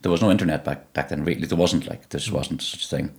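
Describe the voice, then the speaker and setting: In a fast-moving interview chat, a middle-aged man from Donegal with a broad Irish accent rumbles along in a very deep, low voice. He's a musician guest, and his relaxed, wandering anecdotes are full of stumbles, repeated words and fresh starts.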